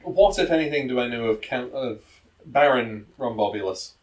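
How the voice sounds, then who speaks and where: A man talking through his character's plans in a tabletop game, in a measured, thoughtful way. His voice sits in a middle pitch and sounds a little distant from the mic. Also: expressive. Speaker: player.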